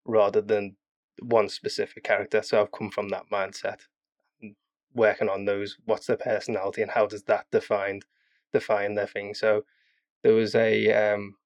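A man chatting casually as a podcast guest, rambling and animated as he explains his game characters. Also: on the low side. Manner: rambling, animated with quick voice demos. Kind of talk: casual chat.

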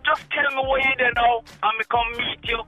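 A man with a Jamaican accent who talks in fast, fiery patois and a strikingly high voice. He sounds like a prank-call target arguing hard on the phone. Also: steady tone, bright, forceful tone, soft background music, low-quality recording. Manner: fiery, rapid patois threats. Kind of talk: heated phone argument.

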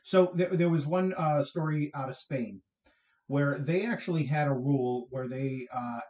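Man, podcast co-host, fairly high voice, chatty, rambling, laughs a lot. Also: normal speed, darkish tone. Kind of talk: casual chat.

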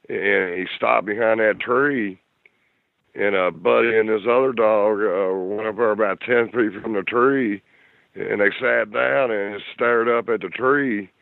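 A middle-aged man from Kentucky with a Kentucky accent, telling a story in a halting way full of fillers and restarts. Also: lowish voice, fairly even intonation, creaky, dry recording. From Louisville, Kentucky. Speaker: guest telling encounter story. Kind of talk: casual storytelling. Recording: tinny phone line.

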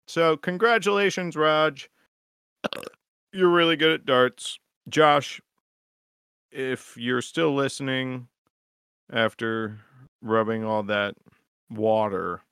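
A man's voice: medium pitch, vocal fry, sharp tone, clear, resonant tone, no echo, clean studio sound. A man co-hosting a podcast in loose, joking, profane casual chat. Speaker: podcast co-host.

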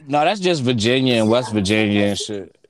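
A man's voice: mid-range voice, lively intonation, fairly quick, crowd noise. A man trading crude jokes and slang in a casual podcast chat. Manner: crude, joking, heavy slang.

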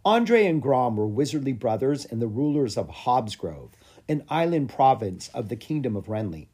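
Expressive children's book reader. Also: mid-range voice, normal speed, slightly rough. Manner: lively, expressive narration. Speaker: audiobook reader. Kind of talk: children's storybook read-aloud.

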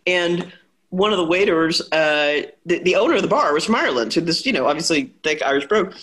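A woman telling stories in a casual chat, animated and laughing often. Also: on the low side, fairly quick.

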